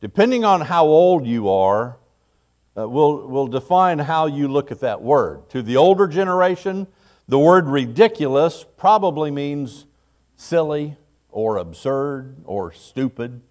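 Middle-aged pastor guy giving a sermon, chatty and folksy, voice sits a bit high. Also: lively intonation, measured pace, a little mellow. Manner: folksy, conversational, with acted-out quotes.

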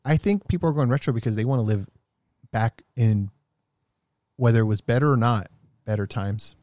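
A man in casual chat, telling stories with lots of swearing, animated and often laughing. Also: mid-range voice, moderate pace, dry recording, studio quality. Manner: animated, profane storyteller who gets loud and laughs.

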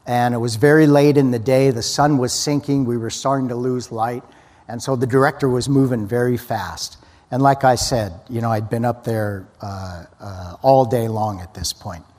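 A man's voice: mid-range voice, steady tone, normal speed, a little mellow. A man giving an earnest personal testimony as a guest speaker, often restarting his sentences. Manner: earnest storytelling, frequent restarts. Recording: long hall reverb.

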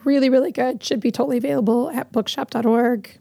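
A woman podcast co-host talking in a casual chat with a hoarse, strained voice, rambling with many fillers. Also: sits high, steady tone, quick pace, warm tone, dry recording. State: hoarse, strained voice after losing it.

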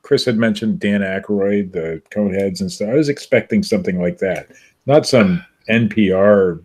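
A man's voice: fairly low pitch, normal speed, darkish tone. A man co-hosting a podcast, teasing the others and laughing often in casual chat. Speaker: podcast co-host.

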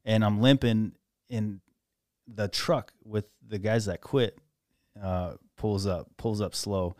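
A man with a fairly low voice talks through a military training memory in relaxed podcast conversation. The recording is dry and close. He is reflective and unhurried, with casual swearing. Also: dry recording.

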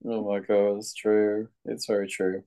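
A man's voice: on the low side, level tone, measured pace, mellow. A British man co-hosting a podcast in casual chat, a self-mocking storyteller who laughs often. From Britain. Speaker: podcast co-host.

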